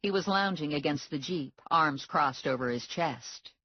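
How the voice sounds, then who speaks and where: A woman reading a first-person novel aloud in a wry, expressive way. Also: low voice, a little slow, breathy edge, no echo, lo-fi sound. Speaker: audiobook narrator. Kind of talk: scripted first-person narration.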